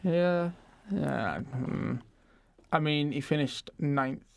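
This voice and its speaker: A young man co-hosting a casual podcast, joking and teasing with quick quips. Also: on the high side, creaky, a little hiss or hum. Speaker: podcast co-host. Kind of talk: casual chat.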